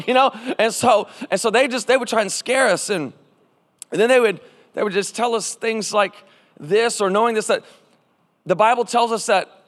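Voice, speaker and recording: A man's voice: sits high, fairly bright tone. A man preaching a sermon, telling a personal story and leading call-and-response with his congregation. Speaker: pastor. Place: large church hall. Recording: reverberant church hall.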